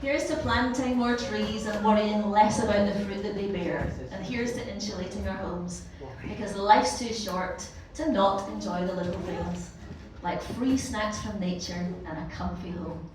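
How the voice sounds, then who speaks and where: A woman with a Glaswegian accent delivering a scripted comic monologue with deliberate punchlines, heard from a distant mic in an echoey live venue. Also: medium pitch, steady tone, crowd noise. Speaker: comedy performer.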